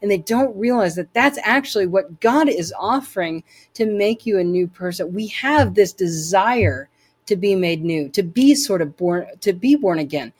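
A woman's voice: mid-range voice, expressive, moderate pace, a little mellow, slightly rough. A woman as an interview guest, telling her personal faith testimony in an earnest, emphatic way, repeating phrases for weight.

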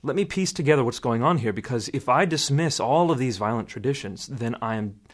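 A man, a guest in an interview, explaining in a measured way and quoting sources at length. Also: medium pitch, expressive. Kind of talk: interview answer.

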